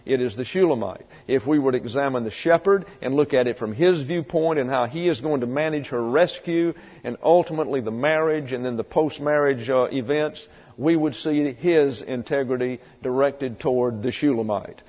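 A man preaching a sermon, teaching slowly and deliberately with frequent pauses and fillers. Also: mid-range voice. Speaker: pastor. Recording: dull, echoey hall recording.

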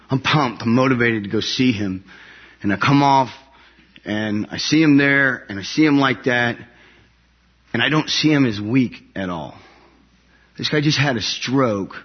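A man with a husky, slightly breathy voice tells a story about coming home from war to a listening audience. He is animated and laughs often. The recording sounds a bit dull and muffled. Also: mid-range voice. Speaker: soldier sharing his story.

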